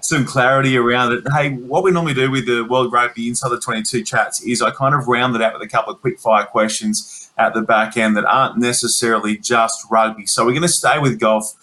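Bright-voiced male interview host. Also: medium pitch, steady tone, a little fast, rough recording. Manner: chatty, laughs along, easygoing questions. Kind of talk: casual interview.

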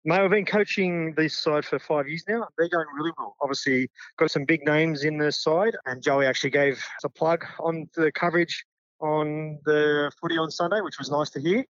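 Australian male coach, middle-aged, sincere and emotional, slightly higher voice, dry lo-fi audio. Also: steady tone, moderate pace, fairly bright tone, dry recording. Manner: sincere, heartfelt. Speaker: junior football coach. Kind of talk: casual interview.

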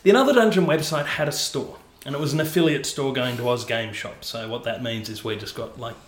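A man's voice: medium pitch, a little fast, roomy sound. A man hosting a casual podcast, chatty and self-mocking, with a lot of fillers. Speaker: podcast host.

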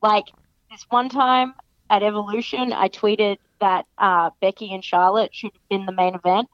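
A young adult Australian woman, a professional wrestler, chatting in an interview and lively acting out other people's remarks. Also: moderate pace, dry recording. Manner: chatty, animated, acts out other people's lines in a higher voice. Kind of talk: casual interview chat. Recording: dry, dull lo-fi podcast sound.

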